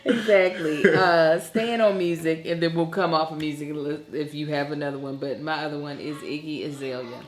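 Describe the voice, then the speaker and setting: A woman with a notably low voice talks in a loose, opinionated podcast chat. She speaks her mind bluntly and breaks into laughter. The room around her is echoey. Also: steady tone, normal speed, hardly any pauses, slight background noise. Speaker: podcast co-host. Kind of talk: casual chat.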